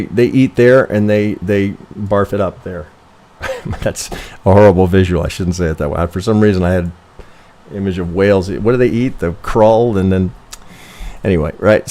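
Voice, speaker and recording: A man's voice: fairly low pitch, mellow. A man in a loose live-stream lesson, talking through charts as he goes. He is blunt and profane, stops himself mid-sentence to rephrase, and keeps tossing "right?" to his viewers. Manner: rambling, profane, constantly self-correcting, asks "right?"; thinks aloud while working through charts. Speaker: trading educator reviewing member charts.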